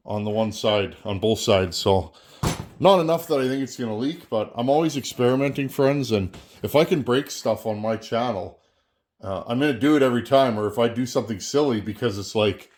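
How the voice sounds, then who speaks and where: A man's voice: medium pitch, a little mellow. A Canadian man, host of a chainsaw channel, chatting casually and folksily to camera while working on a saw, often repeating a word as he goes. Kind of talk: casual workshop talk to camera.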